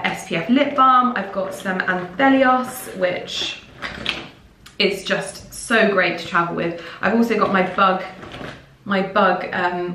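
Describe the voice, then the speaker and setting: A woman's voice: fairly low pitch, far from the mic, background noise. Bubbly woman vlogger, rambling to a camera held a bit away from her. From England. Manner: bubbly and rambling, with fillers and self-corrections. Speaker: lifestyle vlogger. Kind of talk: casual chatty vlog monologue. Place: indoors at home, mid-packing. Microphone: handheld vlogging camera. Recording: echoey room, voice a little off-mic.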